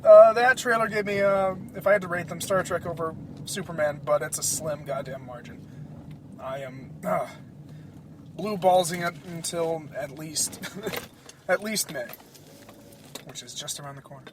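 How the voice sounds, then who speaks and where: A man hosting a casual solo podcast, rambling in an excitable, profane way. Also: fairly high pitch, moderate pace, background noise. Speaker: podcast host.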